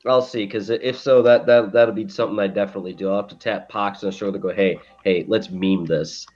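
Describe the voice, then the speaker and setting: A man co-hosting a podcast, telling a story in a profane, animated way and acting out quotes. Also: fairly low pitch, fast talker, highs cut off. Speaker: podcast co-host. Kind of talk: casual chat.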